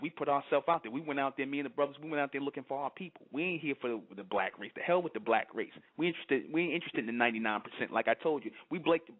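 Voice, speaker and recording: A middle-aged man, hosting an internet radio show and preaching in a fiery monologue that keeps asking "you understand?". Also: mid-range voice. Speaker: radio host. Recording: tinny phone-line audio.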